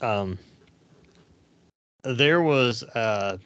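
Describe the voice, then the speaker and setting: A man's voice: medium pitch, lively intonation, extremely slow, fairly bright tone, smooth, no room sound. A man, hosting a podcast and telling rambling, anecdotal stories in casual chat. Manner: rambling and anecdotal, with frequent fillers. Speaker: podcast host. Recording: dull lo-fi sound, dry.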